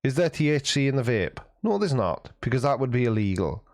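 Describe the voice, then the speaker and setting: A man's voice: mid-range voice, big pitch swings, a little fast. Male streamer, dry self-deprecating humor, casual chat with viewers, mid-range voice. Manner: wry, self-mocking banter. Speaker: livestream host reading chat.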